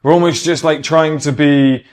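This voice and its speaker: A man's voice: a little high, steady tone, moderate pace. A British man giving a casual, opinionated monologue. He talks with emphasis, swears freely and acts out the people he quotes. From Britain. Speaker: podcast host.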